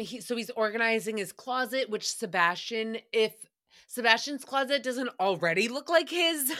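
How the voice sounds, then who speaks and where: A woman's voice: mid-range voice, pushed and bright. A young woman hosting a podcast recap, chatting casually in a profane, rambling way and laughing easily. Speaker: podcast host.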